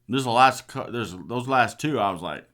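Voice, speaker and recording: A man's voice: medium pitch, expressive, normal speed, fairly bright tone. A middle-aged man giving an earnest, passionate personal testimony. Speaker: speaker sharing a personal story.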